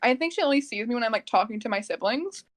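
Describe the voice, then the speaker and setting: A woman's voice: a little high, animated, quick pace. A young woman from Texas co-hosting a podcast, talking in a rambling, casual way full of fillers. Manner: rambling, filler-heavy, laughing. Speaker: podcast co-host. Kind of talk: casual chat.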